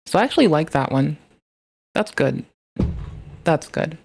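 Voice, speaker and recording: A speaker chatting in a casual, rambling way with a deadpan, nihilistic and profane manner. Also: medium pitch, a little slow, gravelly, slight background noise.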